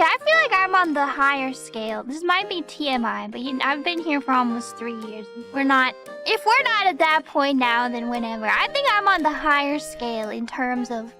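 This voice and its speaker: A young woman streamer telling stories in casual chat, giggling often as she talks. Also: sits high. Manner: giggly, laughs often while talking.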